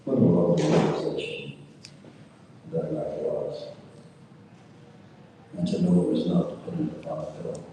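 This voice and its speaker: Man, very low voice, unhurried and halting storyteller, distant in a long-reverb hall. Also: animated, background noise. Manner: halting, with many "uh" fillers and repetitions. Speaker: storyteller recounting a personal experience. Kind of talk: slow reflective storytelling.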